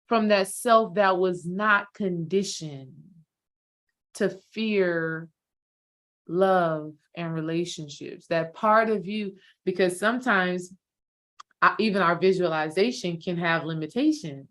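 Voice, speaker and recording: Slow, encouraging woman coach. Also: on the low side. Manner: encouraging, affirming listener with soft "mm" and "yep". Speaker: healing coach running a course. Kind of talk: spiritual coaching talk.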